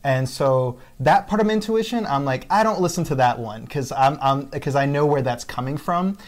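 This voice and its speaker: A man's voice: mid-range voice, expressive, normal speed. A man talking candidly and reflectively in a casual podcast chat, often repeating words as he starts a thought.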